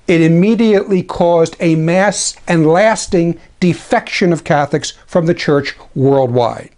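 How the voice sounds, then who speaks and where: A man with a slightly raised pitch delivering a measured, critical commentary. He speaks deliberately, slowing down to read quotations with care. Now and then he drops a dry, ironic aside. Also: a little mellow. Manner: deliberate, slows for quoted passages. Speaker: traditionalist Catholic commentator. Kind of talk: spoken commentary lecture.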